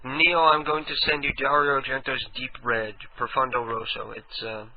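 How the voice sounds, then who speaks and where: A man's voice: medium pitch, level tone, normal speed, crowd noise. A man hosting a radio show, chatting casually and rambling with many restarts. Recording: tinny phone-like radio audio with faint hiss.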